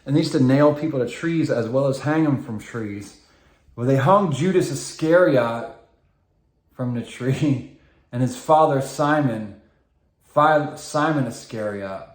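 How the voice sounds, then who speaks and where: Male vlogger, mid-pitched, rambling and tangent-prone, echoey room. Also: unhurried. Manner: meandering, full of filler ums and tangents. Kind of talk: rambling monologue to camera.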